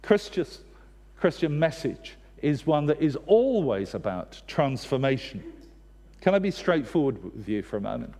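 A man's voice: medium pitch, sing-song, moderate pace, mellow. A man preaching a sermon, earnest and direct, with wry humorous asides. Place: church. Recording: long church reverb.

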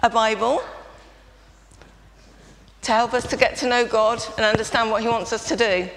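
A woman's voice: on the high side, moderate pace. A woman leading a children's talk in a church service, prompting the congregation to join in. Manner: lively, prompting audience participation. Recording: reverberant church, faint background noise.

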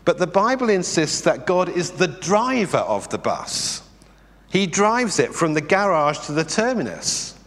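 A man preaching a sermon in a conversational, animated way, asking the congregation rhetorical questions. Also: sits high, a little slow. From England. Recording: long reverb in a hall.

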